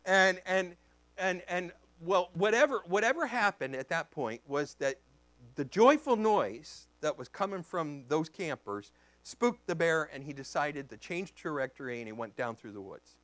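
Lively high-voiced male preacher. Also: moderate pace, dry recording. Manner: animated, acts out voices in his stories. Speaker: pastor. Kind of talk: storytelling sermon.

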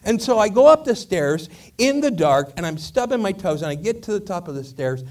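A male preacher tells a parable during a sermon and acts out every line of it. His voice is high and very lively, swooping up and down. He sits a little distant from the mic. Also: brisk. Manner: animated storyteller acting out dialogue. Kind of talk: sermon storytelling. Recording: voice a bit far from the mic.

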